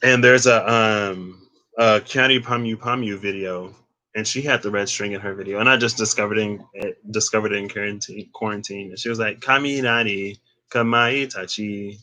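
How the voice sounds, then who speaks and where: A man's voice: lowish voice, steady tone, moderate pace, bright, forceful tone. Chatty rambling man reading tarot cards. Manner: rambling, curious, chatty with tangents. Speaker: tarot reader. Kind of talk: casual tarot card reading.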